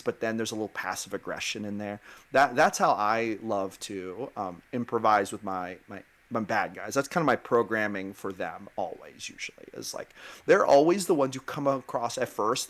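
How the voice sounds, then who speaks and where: A man's voice: medium pitch, fairly bright tone. A man talking casually as a guest game master, thoughtful and rambling, with frequent restarts. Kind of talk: casual interview answers.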